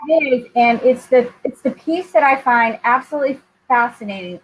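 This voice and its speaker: A woman hosting a live interview, talking candidly and with feeling, often pausing on "um". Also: on the high side. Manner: candid and heartfelt, with frequent ums. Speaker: host. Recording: dull lo-fi sound with faint noise.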